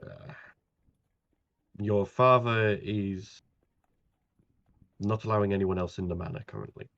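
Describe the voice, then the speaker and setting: A man narrating as game master of a tabletop game, measured and halting. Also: on the low side, sing-song, gravelly, fairly bright tone. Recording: dull lo-fi audio, faint music.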